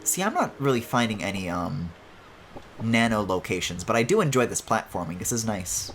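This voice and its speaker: A man's voice: on the low side, sing-song, moderate pace, a bit bright, a little hiss or hum. A man streaming a video game, chatting casually as he plays, swearing and laughing often. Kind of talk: casual let's-play commentary.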